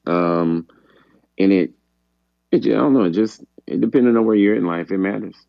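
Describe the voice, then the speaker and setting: A man's voice: lowish voice, normal speed, creaky, no echo. A man co-hosting a podcast, chatting casually in an easygoing, musing way with lots of "you know". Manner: relaxed, musing delivery with frequent "you know". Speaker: podcast co-host. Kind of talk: casual chat. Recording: slightly dull, dry lo-fi sound.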